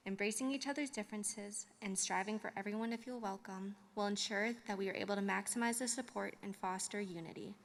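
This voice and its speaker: Young woman reciting a pledge steadily. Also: mid-range voice. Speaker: student. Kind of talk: reading a pledge aloud.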